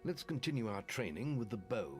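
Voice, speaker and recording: A man's voice: medium pitch, big pitch swings, brisk, close to an everyday voice. A man voicing a stern male archery instructor in a video game, impatient and commanding, over game music. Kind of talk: video game character dialogue.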